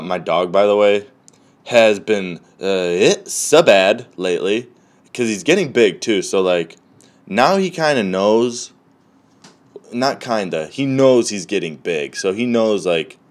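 Podcast host, young adult man, low pitch, loose, profane, deadpan storyteller. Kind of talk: casual podcast chat.

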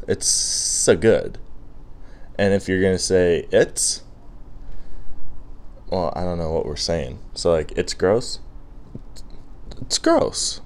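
A young man hosting a podcast, talking in a rambling, profane, joking monologue. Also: deep voice. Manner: rambling, profane, jokey rants. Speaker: podcast host. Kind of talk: casual comedic monologue.

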